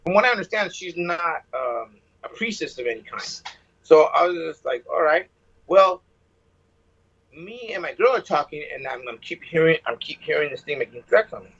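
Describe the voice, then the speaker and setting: A man's voice: on the high side, big pitch swings, fairly quick, creaky, fairly bright tone, breathy edge. A man calling in by phone and telling a personal story, rambling and sarcastic, with a hot temper. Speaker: caller. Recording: muffled lo-fi phone line.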